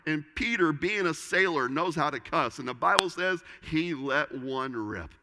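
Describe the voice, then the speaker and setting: A man preaching a sermon, swinging between loud emphasis and hushed, quiet lines. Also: a little high, a little fast, hardly any pauses, in a large hall. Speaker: pastor.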